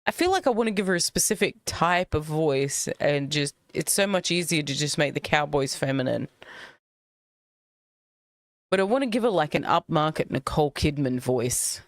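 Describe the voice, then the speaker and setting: A woman's voice: low-pitched, animated, moderate pace, no echo, studio quality. A woman streaming a game and chatting casually as she reads along. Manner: chatty, musing aloud. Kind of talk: casual let's-play commentary. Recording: music playing behind.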